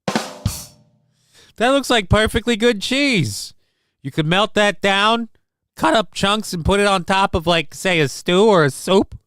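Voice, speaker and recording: A man putting on a polite, fussy Midwesterner who gently scolds at a slow, drawn-out pace. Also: high voice, lively intonation, clean tone, no room sound, voice pushed up, full character voice. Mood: politely scolding.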